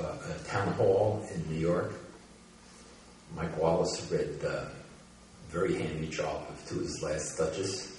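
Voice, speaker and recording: A man in his seventies, from the United States, speaks in a very low voice to an audience. He talks casually with plenty of "uh" pauses, then settles into a slow, deliberate cadence for his poems. The sound is distant and washed in the heavy echo of a large hall. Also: a little mellow, slight background noise. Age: 70s. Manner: conversational with frequent "uh" pauses, slow and measured when reading poems. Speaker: poet giving a reading. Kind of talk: public talk and poetry reading. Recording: very echoey hall, voice from far off.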